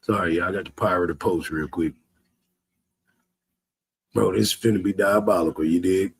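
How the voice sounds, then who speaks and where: A man's voice: low voice, steady tone, normal speed, vocal fry, husky. A man in a profane livestream rant, cursing heatedly and mocking his critics with bursts of laughter. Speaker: social media streamer.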